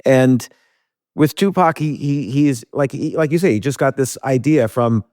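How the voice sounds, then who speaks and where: A man's voice: medium pitch, measured pace, darkish tone, dry recording, studio quality. A man hosting a podcast interview, thinking aloud in long, rambling sentences with many restarts. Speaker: podcast host. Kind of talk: casual interview.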